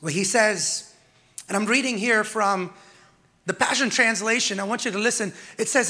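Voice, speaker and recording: A male pastor preaching with a very high, forceful voice. He swells louder and then drops quiet by turns and calls out to the congregation as he goes. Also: normal speed. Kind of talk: sermon.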